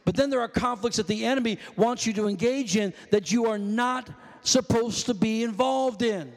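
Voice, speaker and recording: A man preaching a fervent sermon in a church, often shouting calls to the congregation. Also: extremely high pitch, normal speed. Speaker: pastor. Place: church sanctuary. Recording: long hall reverb.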